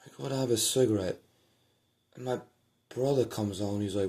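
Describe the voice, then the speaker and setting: A man with a lowish voice speaks at a moderate pace, telling a personal story to the camera at home at night. The telling is meandering and profane, with repetition and trailing, murmured endings.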